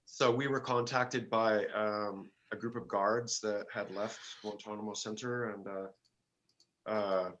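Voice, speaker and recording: An older man, a guest musician, telling stories in a casual interview, halting and full of fillers and restarts. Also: lowish voice, steady tone, fairly bright tone, muffled recording.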